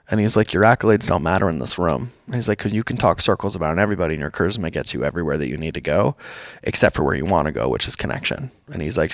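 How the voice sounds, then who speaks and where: A man speaking as a podcast guest, telling candid personal stories in an animated way and quoting others as he goes. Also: low-pitched, gravelly, dry recording, studio quality. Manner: animated, quotes others in acted voices. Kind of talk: candid conversational storytelling.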